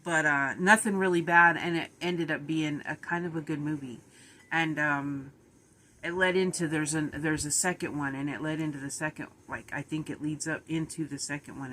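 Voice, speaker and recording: A woman's voice: deep voice, sharp tone, a little hiss or hum. A middle-aged woman, chatting casually and rambling a little on her vlog while sounding tired and run down. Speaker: vlogger.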